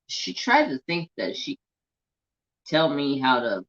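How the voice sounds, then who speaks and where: A man's voice: a little high, huge pitch swings, slow, pauses often, a bit bright, muffled recording. An American man chatting casually and playfully about his pets and talking to them, as a craft channel host.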